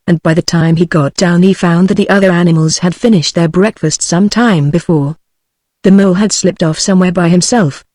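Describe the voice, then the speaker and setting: A woman's voice: lowish voice, no echo. British synthetic woman narrating a book. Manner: even, measured synthetic reading. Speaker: audiobook narrator. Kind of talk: text-to-speech book reading. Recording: dry synthetic voice.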